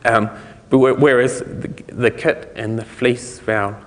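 A man with a New Zealand accent talks through a technical topic at a conference, at a middling pitch, wandering through his points with plenty of ums, restarts and little laughs. His voice carries a long reverb from a large lecture hall. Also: fairly even intonation, unhurried. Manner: loose and rambling, many fillers and restarts, chuckling asides. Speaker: conference speaker.

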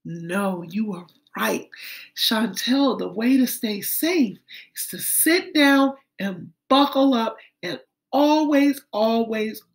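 A woman teacher speaking to little kids in a high voice. She takes her time, drawing out each step in a gentle, sing-song way. She calls her young listeners friends as she walks them through the lesson. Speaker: kindergarten teacher. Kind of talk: social-emotional lesson for young children.

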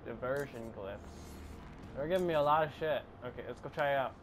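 A young man giving casual, profane gameplay commentary who often shouts excitedly. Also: mid-range voice, fairly quick, very noisy.

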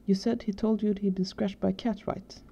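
A woman voicing a calm, methodical female social worker in a storybook reading. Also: medium pitch, moderate pace, creaky, slightly rough. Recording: dull lo-fi recording.

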